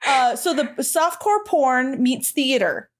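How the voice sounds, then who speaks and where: High-voiced woman cohost, casual podcast chat, lots of laughing and swearing. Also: takes it slowly. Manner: laughing, swearing, acting out movie lines. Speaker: podcast co-host.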